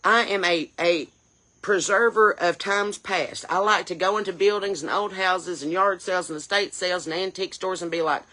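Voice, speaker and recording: A woman's voice: on the low side, moderate pace, pushed and bright. A woman playing a brash, indignant chain-smoking mom, scolding and firing off rhetorical questions. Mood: indignant rant. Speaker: comedy character creator. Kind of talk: character comedy rant.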